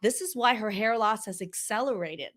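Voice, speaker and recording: This is a woman in her fifties, a doctor, doing reaction commentary. She talks to the viewer with emphasis and animated conviction. Her voice sits at a middle pitch. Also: moderate pace. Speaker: functional medicine physician.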